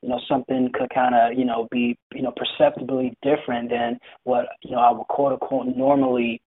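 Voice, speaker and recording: A young man with a husky, slightly breathy voice recounts his experience in an interview, pausing often and restarting his sentences. His voice comes through a narrow, tinny line like a phone call. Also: medium pitch, expressive. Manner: hesitant, many fillers and restarts. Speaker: interview guest. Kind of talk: personal story in conversation.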